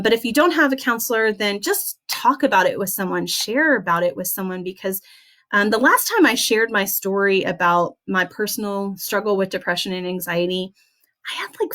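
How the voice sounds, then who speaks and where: A young woman leading a class, talking earnestly and gently with many soft hesitations. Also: medium pitch. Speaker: essential oils class leader. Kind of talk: heartfelt motivational class talk.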